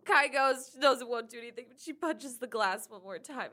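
A woman's voice: a little high, fairly quick, sharp tone. A woman playing in a tabletop game, talking as her character, frustrated and swearing freely. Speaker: player.

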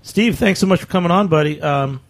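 A man hosting a radio talk show, jokey and brisk as he hands the talk to his guests. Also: fairly high pitch. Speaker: radio host. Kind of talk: casual radio chat.

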